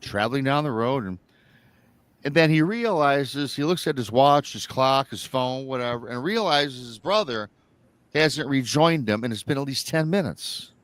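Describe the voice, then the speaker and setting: A man's voice: medium pitch, normal speed, fairly bright tone, no echo. A man hosting a live show, retelling a listener's story in a rambling, casual way and acting out the quoted lines. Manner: rambling, repeats himself, acts out quoted lines.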